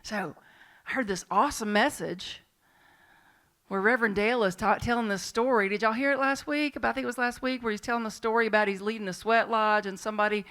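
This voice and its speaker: A woman minister with a Southern accent preaching a sermon and telling personal stories in a lively, chatty way, with asides to the congregation. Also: on the high side, fast. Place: church sanctuary.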